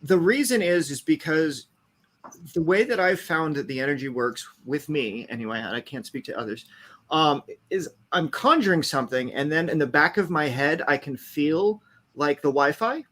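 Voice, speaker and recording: A man's voice: fairly high pitch, expressive, normal speed, fairly bright tone. A man talking as a podcast guest in a loose, rambling and profane casual chat.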